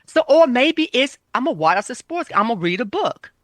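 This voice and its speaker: A woman's voice: a little high, big pitch swings, brisk, no echo. A woman health coach giving casual, emphatic self-care advice, repeating her points.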